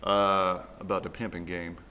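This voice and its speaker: A man's voice: deep voice, level tone, moderate pace, bright, forceful tone. A man from Canada co-hosting a casual podcast, telling anecdotes in a laid-back, jokey way. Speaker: podcast co-host. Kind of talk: casual chat.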